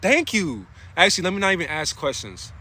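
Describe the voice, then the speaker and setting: Male streamer, bright and lively, slangy and preachy, keeps pausing to thank chat. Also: sits high. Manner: casual slang, often stops to thank viewers; passionate, preachy rhetorical questions. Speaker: livestreamer. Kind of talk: spiritual talk on a livestream.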